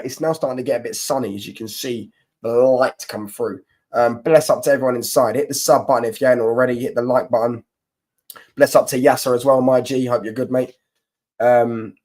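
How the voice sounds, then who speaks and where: A young man chats loosely on a football live stream, teasing rival supporters and answering viewers. His pitch sits at an ordinary middle level for a man. He rambles with frequent restarts and slang. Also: darkish tone. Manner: banter-heavy, mocking rival fans, rambling with restarts. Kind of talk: casual live stream chat reading comments.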